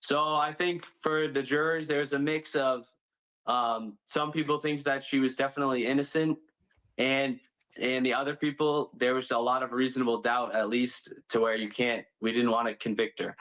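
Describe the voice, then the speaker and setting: A man answering interview questions as a juror, in a measured, hesitant way. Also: mid-range voice, steady tone, fairly bright tone, rough recording. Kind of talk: news interview.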